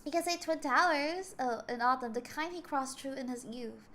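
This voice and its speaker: A young woman streamer reading game dialogue aloud between chatty, animated stories, often stumbling over words and laughing. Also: sits high, moderate pace. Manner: animated storytelling.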